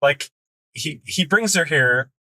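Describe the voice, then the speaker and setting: A man's voice: on the high side, lively intonation, takes it slowly, pushed and bright, no room sound. A middle-aged man co-hosting a podcast, chatting casually with dry, wry jokes. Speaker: podcast co-host. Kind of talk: casual chat.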